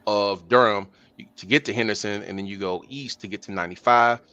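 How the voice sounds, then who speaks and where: A man in his thirties, a father, co-hosting a podcast with teasing jokes and loud bursts. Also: fairly low pitch, fairly quick, smooth, dry recording, dull audio. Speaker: podcast co-host. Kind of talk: casual chat.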